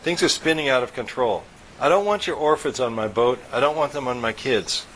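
Guy reading a worried mom laying down the law, careful and steady. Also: medium pitch, brisk, slight background noise, close to an everyday voice, rough recording. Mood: firm. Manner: firm and careful. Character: worried, protective mother.

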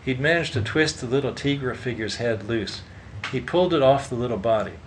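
A man reading a story aloud in a steady, measured way. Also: medium pitch, slight background noise, rough recording. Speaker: narrator. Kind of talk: audiobook narration.

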